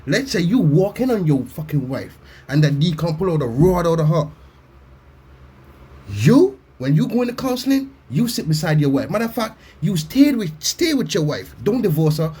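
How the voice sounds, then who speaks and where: Man, reaction rant, blunt, swearing, mocking, husky, fairly high voice. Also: very animated, moderate pace, mellow. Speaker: reaction commentator. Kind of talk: profane comedic reaction rant.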